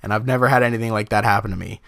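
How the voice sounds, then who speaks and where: A man's voice: fairly low pitch, very fast, creaky, fairly bright tone, dry recording, studio quality. A young man casually telling a personal story to his viewers, chatty and laughing often, with many fillers. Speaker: vlogger.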